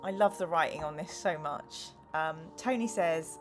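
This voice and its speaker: A woman's voice: low voice, moderate pace, soft background music. Chatty woman streaming a game. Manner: chatty, reads chat comments aloud, jokey asides. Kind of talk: casual live-stream chat while gaming.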